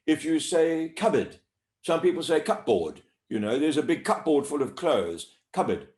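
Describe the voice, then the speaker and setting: A man working as a voice coach, explaining pronunciation in an interview with a clear, deliberate teacher's delivery and drawing out sounds to demonstrate them. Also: a little high, lively intonation, darkish tone. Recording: echoey room.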